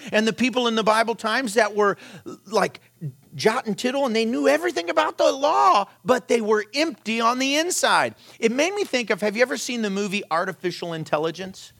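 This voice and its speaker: A man's voice: very high voice, a bit bright. A middle-aged man, a pastor, giving a conversational sermon full of rhetorical questions and short anecdotes.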